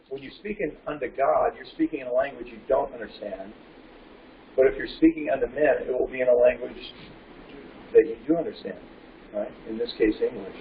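A man preaching a verse-by-verse Bible lesson, reading scripture slowly and deliberately and putting questions to his listeners before answering them himself. He sounds distant from the mic in a roomy, echoing space. The recording is dull and lo-fi, with a faint hum of ambience behind him. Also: medium pitch, vocal fry. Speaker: Bible teacher. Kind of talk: sermon, teaching verse by verse.

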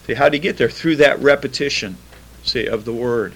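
A man giving an informal Bible teaching, chatting plainly between slow, deliberate scripture readings. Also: mid-range voice, vocal fry, fairly bright tone, a little hiss or hum, low-quality recording. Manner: conversational, reads scripture slowly, repeats key words. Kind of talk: informal sermon.

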